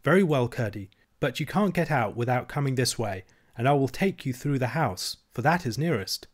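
A man's voice: medium pitch, expressive, normal speed, lightly acted. A man reading aloud and voicing a young princess girl who is earnest and insistent, speaking with a raised, eager voice. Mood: pleading.

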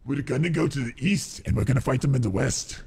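A man's voice: medium pitch, fast talker, darkish tone, breathy edge, voice pushed down. A man putting on a mock Irish accent to voice a brash, foul-mouthed tough guy who swaggers and threatens. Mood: swaggering. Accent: put-on Irish.

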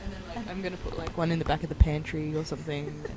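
A woman's voice: low-pitched, fairly even intonation, quick pace, a loud crowd. A woman co-hosting a let's play, chatting casually, teasing and joking with friends. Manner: teasing, joking, laughs often. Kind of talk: casual gaming chat. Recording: noisy home recording.

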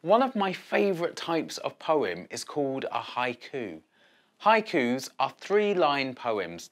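A middle-aged man teaching children how to write poems in a bright, expressive storytelling manner. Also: mid-range voice. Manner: expressive, drawn-out storytelling delivery. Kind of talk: lesson video for children.

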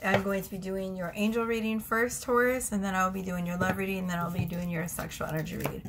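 A woman's voice: mid-range voice, steady tone, fast, very noisy. A young woman chatting casually at home while giving a tarot reading, often breaking into giggles. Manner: giggly, chatty, self-interrupting. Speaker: tarot reader.

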